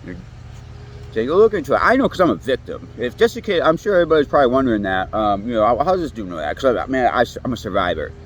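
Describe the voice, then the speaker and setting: A man's voice: mid-range voice, very animated, very fast, slight background noise. A man in his late thirties giving a profane, rambling, heated monologue outdoors. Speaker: vlogger. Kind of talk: ranting monologue. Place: outdoors near woods.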